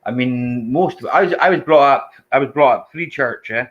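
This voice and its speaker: A man from the Scottish Highlands with a Highland accent, chatting in a relaxed, drawling way and ending his phrases with tag questions. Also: normal speed, highs cut off, slight background noise. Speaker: co-host. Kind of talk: casual chat.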